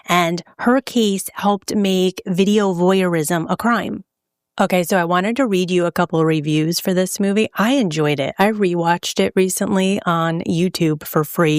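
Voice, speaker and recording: A woman's voice: lowish voice, no echo, studio quality. A woman hosting a true crime podcast, talking casually and joking, with frequent laughs. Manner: chatty and joking, laughs often.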